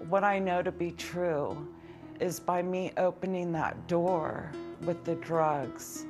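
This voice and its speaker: A middle-aged woman gives a news interview, talking slowly and intensely. Her voice sits low, and music is clearly audible behind her. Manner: slow, intense, emphatic recounting. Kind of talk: interview testimony.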